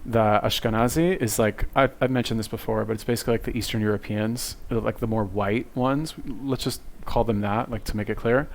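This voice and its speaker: A man's voice: fairly low pitch, steady tone, fairly quick, hardly any pauses, slight background noise. A young man giving rambling, profane reaction commentary from his cluttered bedroom into a webcam, full of fillers and self-mockery. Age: young adult. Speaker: video commentator.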